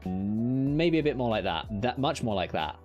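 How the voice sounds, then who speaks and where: A British man streaming a game live. He cheers loudly at times, mutters under his breath at others, swears casually and talks to himself. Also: mid-range voice, normal speed, muffled recording, faint music behind. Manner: excitable, swings between loud cheering and muttered whispers. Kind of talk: live gameplay commentary.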